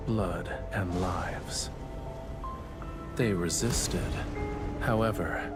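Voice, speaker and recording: A deep, brooding dark ruler. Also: male voice. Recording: game audio over clear music.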